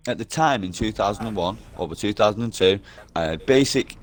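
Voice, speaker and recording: A man's voice: deep voice, darkish tone, slight background noise. A man in an online game party chat, ranting nonstop in a profane, repetitive and insistent way over a headset. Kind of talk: rambling conspiracy rant.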